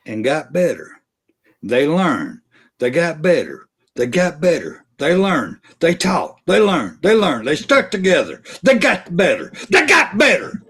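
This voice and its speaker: Man, furious profane rant, high pitched, swooping, slow and heavy delivery. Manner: angry, profane, shouting rant. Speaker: sports talk show co-host. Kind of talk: casual sports talk rant.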